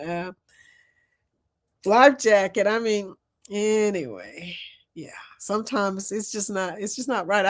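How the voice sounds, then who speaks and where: A woman hosting a casual live-stream chat, talking loudly and laughing often. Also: medium pitch. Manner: animated, laughs often, loud and lively.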